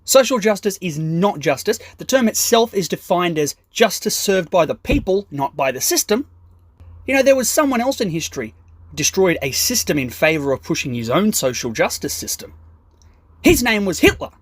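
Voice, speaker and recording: High, animated, profane male comic. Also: normal speed, no room sound. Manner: aggressive, profane, mocking. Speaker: stand-up comedian. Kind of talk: stand-up comedy rant.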